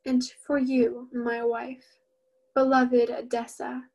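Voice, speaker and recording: A woman reading the part of a cruel ruling father who hands down death sentences with mock sorrow, in a flat, level voice. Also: on the high side, measured pace, lo-fi sound. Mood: solemn. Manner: solemn, mock-sorrowful pronouncement.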